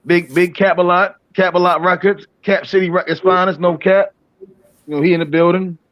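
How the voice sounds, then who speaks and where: Baltimore dude roasting his boxing buddies, bit high voice, muffled lo-fi audio. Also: little pitch movement, moderate pace. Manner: teasing, repeats himself, laughs often. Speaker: boxing show co-host. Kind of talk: rowdy trash-talk banter. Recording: dull lo-fi audio.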